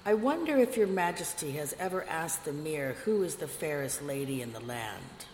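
A woman reading a storybook, voicing a coarse older nobleman who flatters and schemes in a pompous manner. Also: sits low, normal speed. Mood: sly. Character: coarse older nobleman, fawning then menacing. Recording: echoey room with long reverb, faint noise.

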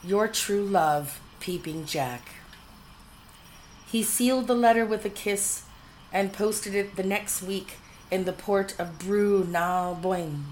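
A woman reading a storybook aloud in a playful, expressive manner. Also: medium pitch, unhurried, slight background noise, rough recording. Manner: playful, expressive, shifting into character voices.

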